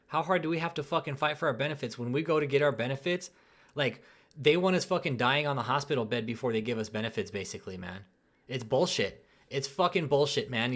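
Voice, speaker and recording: A man's voice: medium pitch, fairly bright tone. A young man hosting a live stream, ranting angrily with heavy swearing and tagging his lines with "dude" and "man". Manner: angry, profane, repeats "dude" and "man". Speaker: channel host.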